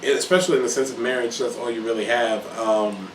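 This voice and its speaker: Young man, mid pitch, teasing, emphatic, casual chat, roomy echo, faint hiss. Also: steady tone, a little fast, recorded from a distance. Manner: teasing, emphatic, laughs a lot. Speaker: vlog host. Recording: echoey room, mic set back, faint hiss.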